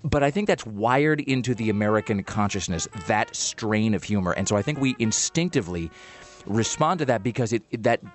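A man hosting a podcast in casual chat, rambling and animated, with many restarts and fillers. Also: fairly low pitch, a little fast, faint music behind. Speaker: podcast host.

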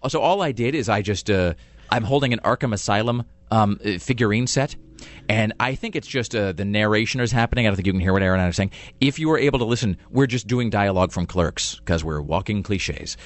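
A man's voice: fairly low pitch, expressive, fast. Rambling self-mocking man. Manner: rambling, self-deprecating, full of fillers. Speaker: podcast host. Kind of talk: casual chat.

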